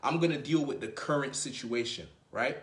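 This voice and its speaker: A man giving casual dating advice who thinks out loud and keeps checking in with the listener. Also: mid-range voice, normal speed. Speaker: dating coach. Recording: roomy echo.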